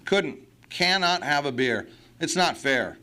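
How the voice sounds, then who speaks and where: A man's voice: a little high, expressive, slow pace, sharp tone, clean tone. A man speaking at a recovery meeting, blunt and profane, with self-mocking humor. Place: meeting hall.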